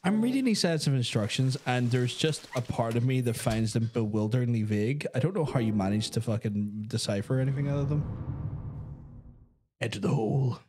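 A man's voice: mid-range voice, expressive, fairly quick, few pauses, a little mellow, a little hiss or hum. A Northern Irish man chatting casually over a video game, wry, laughing often and swearing freely. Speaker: game commentator. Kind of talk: casual gaming chat.

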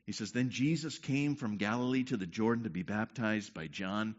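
A man's voice: on the low side, normal speed, few pauses. A man preaching a sermon, leading the congregation through a group exercise and checking in with them often. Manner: leads the crowd with repeated "okay?" checks. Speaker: pastor. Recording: dull lo-fi sound.

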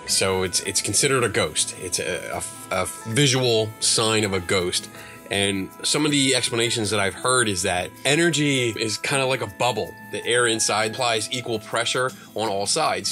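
A man's voice: fairly low pitch, pushed and bright. A man who is a guest photography expert, patiently explaining camera effects in an interview with an amused, demonstrating manner.

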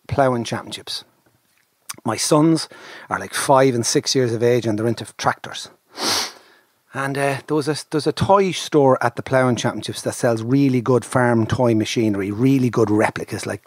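An Irish man hosting a podcast, telling a story in a lively, animated way and acting out the people in it. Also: mid-range voice, normal speed, no echo, studio quality. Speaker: podcast host. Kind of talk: casual storytelling chat.

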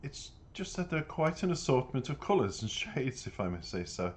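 A prying, well-dressed lady full of curious questions, as a male reader puts her on. The voice is pushed up higher than his own, inquisitive and persistent in a storybook reading. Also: very animated, moderate pace, natural voice. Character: nosy refined middle-aged woman.

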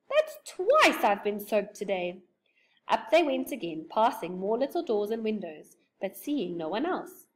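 A woman reading a children's book aloud as narrator, with expressive, animated storytelling. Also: on the high side.

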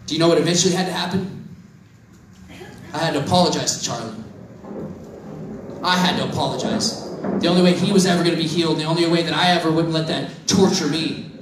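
A man's voice: on the high side, fairly even intonation, fast talker, pauses often, noisy background. A young man from Missouri, preaching a sermon as a casual, joking, self-deprecating personal story. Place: church hall. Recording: echoey hall from far off.

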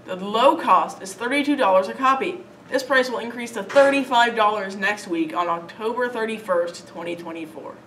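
A woman anchoring scripted school announcements in a steady, read-aloud delivery. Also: mid-range voice, moderate pace. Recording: distant mic with faint noise.

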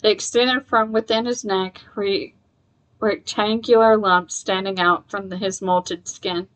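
A woman reading a horror novel aloud at a mid-range pitch. She narrates steadily, tripping on a word now and then and correcting herself before moving on. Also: unhurried, rough recording. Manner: steady narration with small slips and self-corrections. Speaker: reader.

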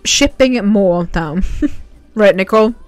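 A woman's voice: mid-range voice, animated, slow, dry recording, faint music behind. A woman streaming a horse game, chatting casually with viewers and giggling often. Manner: giggly, chatty, reacts to chat. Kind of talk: casual livestream chat.

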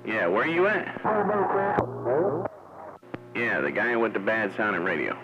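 Deep-voiced, easygoing CB radio man. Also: very animated, measured pace, loud music behind the voice. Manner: laid-back, drawling, says "man" often. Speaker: CB radio operator. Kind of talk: casual radio chat. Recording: muffled radio audio with static.

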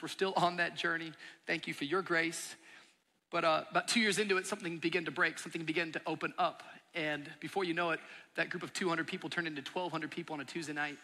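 A man's voice: fairly high pitch, bright, forceful tone. A man in his thirties, a pastor giving a sermon, telling his church's story earnestly and building to emphatic peaks. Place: large church auditorium. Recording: long hall reverb from a large auditorium.

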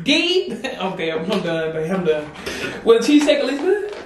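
A woman's voice: medium pitch, very animated, moderate pace, slight background noise. A woman vlogger bantering playfully through a food challenge, teasing and laughing a lot. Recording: echoey room from far off.

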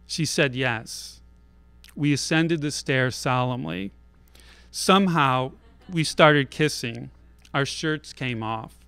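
A man telling a personal story live on a theater stage, in a wry, self-deprecating and deliberate way. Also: medium pitch, creaky, fairly bright tone, smooth, no echo.

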